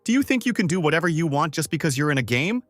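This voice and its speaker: A hot-tempered young gamer snaps and shouts in a raised voice, put on by a man narrating a comic recap. The sound is dry and close. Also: on the high side, very animated, very fast, no room sound, soft background music, voice pushed up. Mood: furious. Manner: indignant and shouting. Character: angry young male gamer, former bully.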